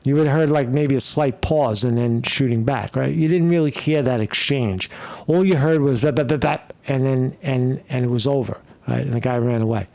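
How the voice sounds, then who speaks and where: A man's voice: mid-range voice, moderate pace, vocal fry, darkish tone. Rambling, profane male stream commentator. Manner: rambling, profane, keeps asking "right?". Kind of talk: casual live commentary.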